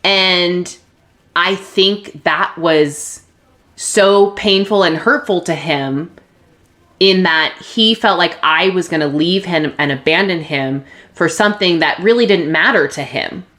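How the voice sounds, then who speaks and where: Woman host with a lowish voice, telling her own story openly, emotional with restarts. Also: slow. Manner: vulnerable, emotional, with restarts and soft laughs. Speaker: podcast host. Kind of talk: candid personal storytelling.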